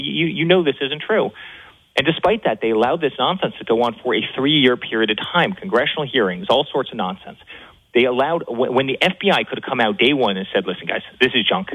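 A man speaking as an interview guest, fast and animated, with many restarts and repeated words. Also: fairly low pitch, husky. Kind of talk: interview on a phone line. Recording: tinny phone line.

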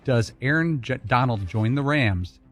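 Deadpan male co-host, faint music behind. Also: medium pitch, unhurried. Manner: dry, deadpan jokes. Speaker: sports talk show co-host. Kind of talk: casual studio banter.

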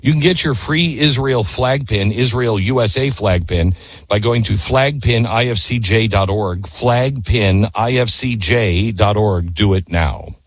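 A middle-aged man hosting a talk radio show, telling a story in an animated way, with sudden high exclamations, and reading ads. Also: a little slow, slight background noise.

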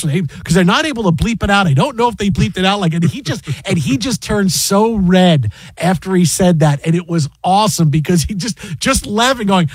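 Middle-aged man, sports radio host, high voice, rambling anecdote, dry studio sound. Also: lively intonation, moderate pace, hardly any pauses, slightly rough, dry recording, rough recording. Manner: rambling storyteller, lots of "like" and "you know". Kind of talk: sports talk radio chat.

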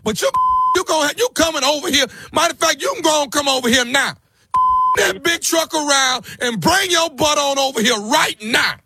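A man playing an irate grown man who shouts and sobs over his mother's damaged tree in a prank phone call. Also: very high voice, expressive, normal speed, heavy background noise. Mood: demanding. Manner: shouting, loud and sobbing. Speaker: prank caller.

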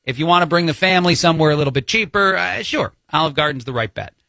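A man's voice: a little high, expressive, quick pace, vocal fry, bright, forceful tone, dry recording. A man with a New Jersey accent filling in as a talk radio host, giving opinionated, chatty commentary with many fillers into a studio mic.

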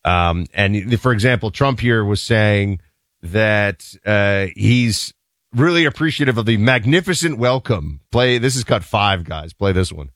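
A man co-hosting a talk show, giving casual, animated political commentary with wry asides and laughter. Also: on the low side, measured pace, no echo, studio quality.

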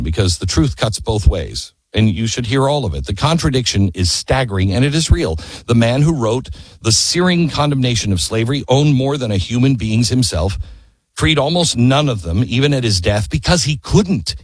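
A man's voice: medium pitch, husky, no echo. A man giving an impassioned history talk, telling a story with emphasis, quoted voices and rhetorical questions. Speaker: speaker.

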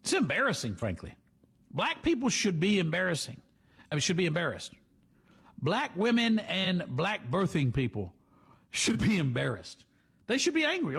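A man's voice: sits high, wildly swooping pitch, normal speed, vocal fry, pauses often, fairly bright tone, slightly rough. A man hosting a talk show, delivering sarcastic, opinionated commentary. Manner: sarcastic, mocking. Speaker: radio host.

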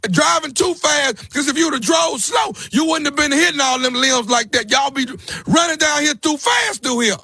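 A man playing an aggrieved grown man on a prank phone call, shouting and sobbing over his mother's tree. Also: expressive, normal speed, gravelly, hardly any pauses, no echo, clean studio sound, exaggerated voice. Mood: indignant. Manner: shouting, whiny, high-strung. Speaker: radio prank caller.

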